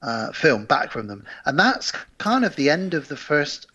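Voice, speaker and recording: A man co-hosting a casual film podcast, recounting the plot in a steady, explanatory way. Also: a little high, moderate pace, slightly rough, dull audio. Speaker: podcast co-host.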